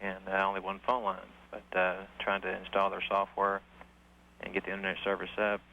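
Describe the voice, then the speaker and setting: A male caller asking a computer question, hesitant and halting. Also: low voice, completely flat delivery. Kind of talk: phone-in question. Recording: tinny phone line with faint hiss.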